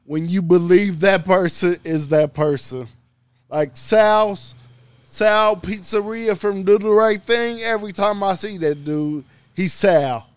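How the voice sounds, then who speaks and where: Laid-back male podcast co-host, unhurried, dry close recording. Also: high-pitched, clean tone, no echo. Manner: laid-back, laughs often, defends his picks. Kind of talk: casual banter about movies.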